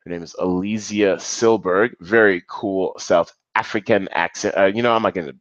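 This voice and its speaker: A man's voice: low-pitched, fairly even intonation, moderate pace, dry recording, lo-fi sound. A man hosting a solo podcast, chatty and self-deprecating, with many restarts and fillers. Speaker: podcast host.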